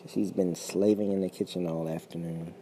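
A man's voice: deep voice, steady tone, normal speed, creaky, mellow, a little hiss or hum. A man co-hosting a casual chat with his wife, blunt, swearing freely and laughing often. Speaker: podcast co-host.

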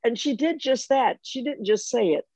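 An older woman telling a personal faith story in conversation, animated and self-mocking, with frequent restarts. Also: fairly high pitch, moderate pace, husky, dry recording, dull audio. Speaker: guest sharing her testimony.

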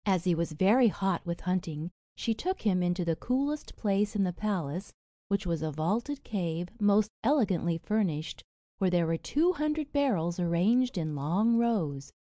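A woman's voice: on the low side, a little slow, no room sound, clean studio sound. A woman narrating a fairy tale in storybook style, reading the spoken lines with feeling. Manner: expressive, reads quoted lines with feeling.

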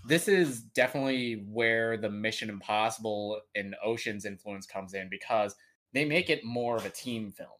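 A man's voice: lowish voice, normal speed, fairly bright tone. A man chatting casually on a podcast, rambling and joking with lots of "like" and "uh" fillers. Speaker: podcast co-host. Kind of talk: casual chat.

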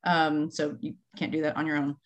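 A middle-aged woman with a slightly low voice tells field stories in easy conversation. She is lively, laughs often and acts out little quotes as she goes. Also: normal speed. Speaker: marine mammal researcher. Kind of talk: casual conversational storytelling.

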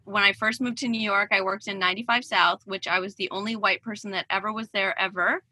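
A woman hosting a podcast, chatting casually with quick reactions and self-deprecating humor. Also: medium pitch, steady tone, heavy background noise. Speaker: podcast host.

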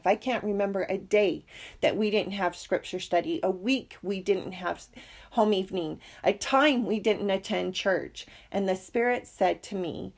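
Earnest woman teaching a scripture lesson. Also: medium pitch. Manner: earnest, heartfelt, reads verses slowly. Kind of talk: scripture lesson with personal story.

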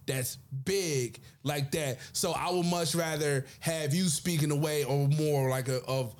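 A man chatting casually about wrestling as a podcast co-host, animated and acting out quotes in put-on voices. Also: fairly high pitch, measured pace.

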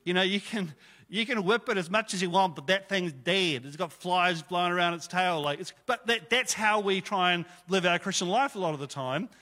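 A man preaches a casual sermon from a church stage, talking to his listeners like friends and slipping in jokes. His voice sits high and bright for a man. A long reverb from the hall trails after his words. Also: moderate pace. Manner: chatty, jokey, conversational preaching. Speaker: pastor. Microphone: stage microphone.

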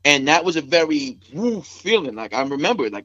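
A man's voice: on the high side, expressive, fairly quick, a bit bright, no echo. A man, a rapper guest telling a story in a loose, rambling way, full of fillers. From Staten Island, New York. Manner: rambling, heavy with fillers like "you know what I'm saying". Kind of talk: casual emotional storytelling. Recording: dull, dry podcast audio.

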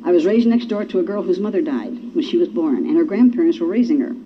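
A woman's voice: fairly low pitch, animated, fast talker, noisy background. A woman giving a personal testimony at a recovery meeting. She tells her story in a folksy way and acts out the quotes. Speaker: speaker sharing at a recovery meeting. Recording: dull lo-fi recording.

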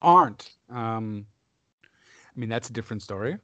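A man's voice: fairly low pitch, animated, measured pace, a bit bright, dry recording, dull audio. A man from Canada co-hosting a casual wrestling watch-along podcast, joking and laughing often. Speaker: podcast co-host.

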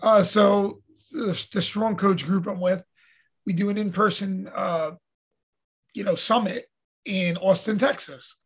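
A man's voice: high-pitched, steady tone, measured pace, husky. A man talking as a podcast guest and coach, telling stories in an earnest, casual way and swearing now and then. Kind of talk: casual conversational storytelling.

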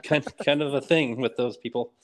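A man guesting on a casual podcast, making deadpan crude jokes. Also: medium pitch, normal speed. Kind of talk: casual chat.

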